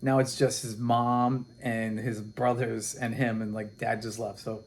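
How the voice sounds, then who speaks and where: A man's voice: medium pitch, unhurried. Casual man retelling a comic plot. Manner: rambling and animated, with many restarts and quoted dialogue. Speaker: comic book reviewer.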